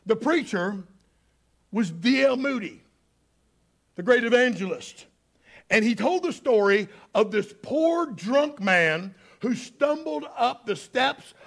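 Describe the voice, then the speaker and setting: A man preaching a sermon, telling stories dramatically and swinging between loud and hushed delivery. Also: very high voice, creaky. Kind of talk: sermon storytelling.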